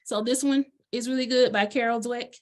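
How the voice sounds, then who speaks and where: A woman's voice: fairly high pitch, steady tone, normal speed. Woman, chatty, bubbly, filler-heavy, casual coaching talk. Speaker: life coach presenter. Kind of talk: casual presentation chat.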